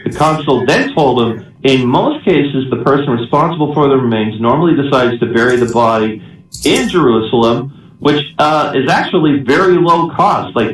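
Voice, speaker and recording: Comedy host, male, animated delivery, roomy echo and set back from the mic. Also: mid-range voice. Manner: lively joke delivery. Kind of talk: joke telling. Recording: echoey room, distant mic.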